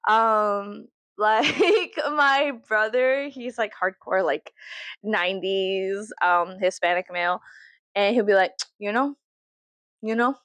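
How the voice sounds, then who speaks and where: A woman's voice: mid-range voice, fairly even intonation, slow pace, fairly bright tone, dry recording. A young woman from Texas rambling casually and profanely to camera as a vlogger, jokey and chatty.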